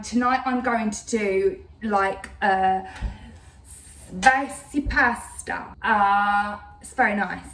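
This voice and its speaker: A thirties-aged woman vlogger rambles casually to the camera, her chat packed with fillers. Her mid-range voice is a bit bright, and there's slight background noise. The recording sounds roomy, leaving her voice somewhat distant.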